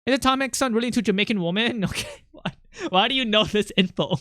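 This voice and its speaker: A livestreamer chatting casually with viewers, rambling and excitable, jumping from topic to topic. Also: mid-range voice, quick pace, no room sound, clean studio sound.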